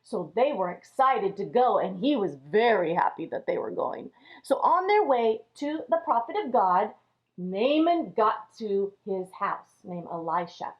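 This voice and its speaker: A woman teaching Sunday school, telling a Bible story to children in an animated way. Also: mid-range voice, measured pace. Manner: animated, acts out characters' lines. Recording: dull lo-fi recording.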